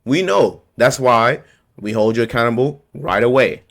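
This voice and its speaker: A man's voice: medium pitch, lively intonation, moderate pace. A man ranting to camera about politics, heated and confrontational, hammering his points by repeating them in blunt street slang. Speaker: vlogger.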